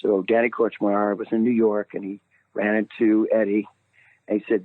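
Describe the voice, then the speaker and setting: An older man, a singer calling in as a guest, telling a story in an animated way, laughing often and jumping up high when he quotes himself. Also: a little fast, no echo. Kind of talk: casual phone interview storytelling. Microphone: phone call. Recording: tinny phone line, dry.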